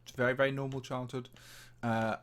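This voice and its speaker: A fast-talking man with a smooth, medium-pitched voice and little pitch movement runs a Minecraft channel. He's from the English Midlands, has a slightly posh accent, and chats casually with viewers, answering their questions while touring a game map.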